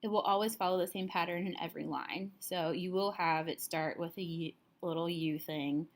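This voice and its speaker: A woman teacher calmly walking students through a recorded lesson, explaining step by step, a little tired. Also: fairly low pitch, moderate pace.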